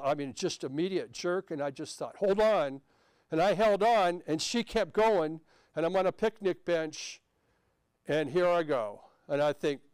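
In a church sanctuary, a male pastor tells a personal story during his sermon, speaking in a conversational, anecdotal way with frequent restarts. His voice is high, with a clean, darkish tone and no room sound.

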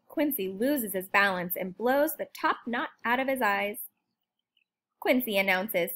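A woman reading a children's picture book aloud in an expressive, lively way. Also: mid-range voice, unhurried. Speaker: storybook narrator. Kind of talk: children's storybook read-aloud.

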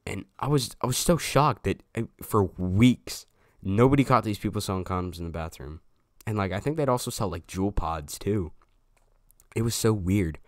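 A man's voice: lowish voice, moderate pace, no room sound, clean studio sound. A young man telling a casual storytime to his viewers, loose and slangy, swearing freely. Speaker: storyteller vlogger.

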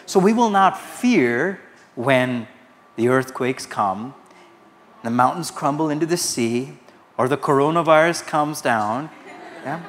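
A man's voice: medium pitch, animated, slow, a bit bright, big-room sound, slight background noise. A man from India preaching a sermon as pastor, quoting scripture and telling anecdotes to his congregation. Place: large church hall.

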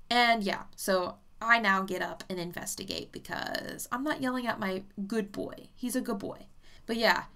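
Bright-voiced, blunt-talking woman medium. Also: medium pitch, moderate pace, vocal fry. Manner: chatty, blunt, swears freely. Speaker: psychic medium. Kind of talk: casual vlog talk.

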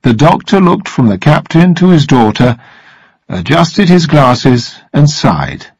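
A man reading a story aloud for language learners in an expressive, clear way. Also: fairly high pitch, measured pace, no room sound, lo-fi sound. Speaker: story narrator.

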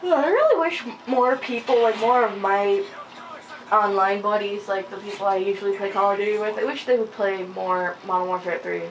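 A young woman giving casual, rambling gameplay commentary, giggling often and filling pauses with ums, a little sleepy with hiccups. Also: mid-range voice. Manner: rambling, giggly, many fillers. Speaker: gaming channel host. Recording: distant mic with faint noise.

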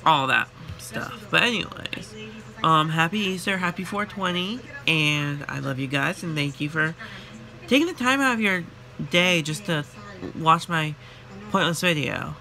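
A tired young man telling a chatty, animated story about his workday in a casual vlog. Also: a little high, measured pace, gravelly, soft background music. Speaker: vlogger and retail worker.

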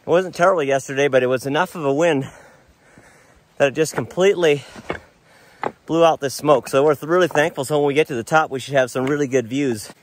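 A man's voice: on the high side, a little fast, slight background noise. A middle-aged American man chatting casually while hiking a mountain trail outdoors, a little out of breath and rambling as he talks about the way up. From United States. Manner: relaxed, rambling, admiring nature. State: slightly out of breath. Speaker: vlogger, father on a family hiking trip.

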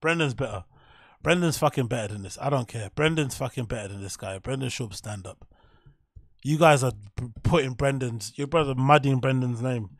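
A man's voice: medium pitch, moderate pace, no room sound, clean studio sound. A man hosting a stream, giving blunt, profane reaction commentary on comedy clips and laughing often.

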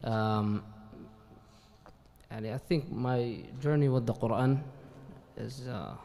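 Man from Qatar, panel guest, gravelly voice, hesitant code-switching, long hall echo. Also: mid-range voice, slow pace. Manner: relaxed, hesitant, mixing Arabic fillers into his English. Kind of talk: casual talk at a live event. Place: event hall at an Islamic centre.

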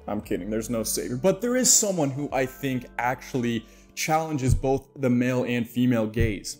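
A man's voice: mid-range voice, expressive, moderate pace, darkish tone, soft background music. A man narrates a scripted video essay in a mid-range voice. His delivery is playful and jokey, and he slips in mock-dramatic asides.

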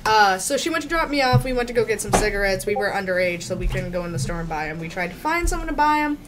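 A young woman co-hosting a podcast, telling a profane, animated story in casual chat and acting out the quotes. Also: mid-range voice, fast talker, background noise. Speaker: podcast co-host.

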